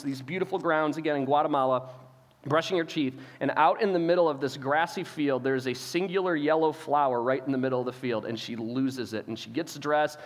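Man telling a story in a reverberant hall. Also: on the high side. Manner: animated storyteller, acts out dialogue, repeats words when starting phrases. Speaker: pastor. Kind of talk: sermon storytelling.

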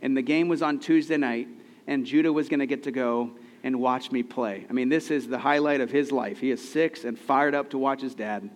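A man's voice: medium pitch, fairly even intonation, moderate pace. A man in his thirties preaching a sermon, conversational and earnest, asking the listeners questions. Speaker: pastor. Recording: long hall reverb.

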